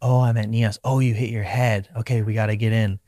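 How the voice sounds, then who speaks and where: This young professional surfer from Hawaii recounts his story in a relaxed, reflective interview, frequently acting out his inner voice. His voice is on the low side and his delivery brisk, recorded cleanly in a studio without echo.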